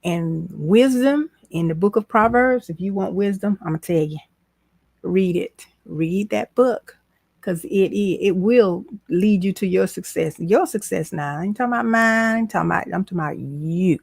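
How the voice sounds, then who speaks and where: A woman's voice: mid-range voice, normal speed, vocal fry, a little mellow, no echo. A woman hosting a casual motivational livestream, talking in a preachy, folksy way and repeating lines for emphasis. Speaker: business strategist, livestream host.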